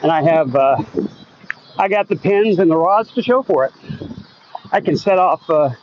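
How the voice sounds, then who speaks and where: A man from Oklahoma talks casually as he walks a residential street at night, reading out viewer comments with a wry, joking tone. His voice sits a little high for a man. The phone audio is slightly dull, with faint outdoor noise behind him. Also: animated, moderate pace. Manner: chatty, wry, reads viewer comments aloud. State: a bit out of breath walking uphill. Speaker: vlogger reading live chat. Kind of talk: casual live-stream chat while walking.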